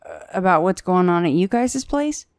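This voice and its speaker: A woman's voice: on the low side, animated, normal speed, dry recording, clean studio sound. A woman hosting a podcast, chatting casually with a guest, reassuring and full of fillers. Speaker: podcast host. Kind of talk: casual interview chat.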